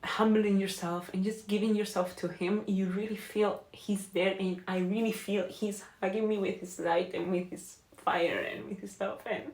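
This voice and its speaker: A woman's voice: medium pitch, fairly even intonation, moderate pace, few pauses, a little mellow. A young woman sharing a heartfelt, emotional faith testimony in a vlog, earnest and often close to tears. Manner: earnest with frequent "you know?". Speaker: faith vlogger and life coach. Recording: echoey room.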